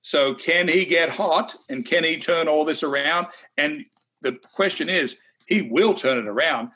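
A man's voice: on the high side, measured pace, pushed and bright. A man who is a former tour golfer co-hosting a golf analysis chat, blunt and emphatic with some teasing.

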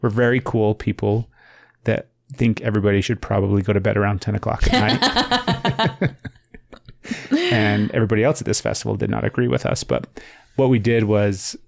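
A man co-hosting a casual podcast, his low voice heavy with gravelly fry. He talks in a gentle, reassuring, easygoing way, and the close mic leaves the sound dry. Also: expressive, moderate pace, no echo. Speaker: podcast co-host.

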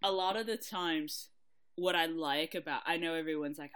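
A woman talks casually as a podcast co-host, candid and quick to laugh. Her voice is bright and forward, and she swears lightly as she explains her points. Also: sits low. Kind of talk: casual chat reviewing a TV adaptation.

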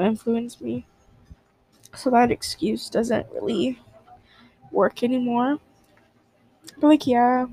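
A young woman student venting about her parents in a halting, hurt way, full of fillers, in an emotional confessional vlog. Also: fairly high pitch, vocal fry, darkish tone, rough recording.

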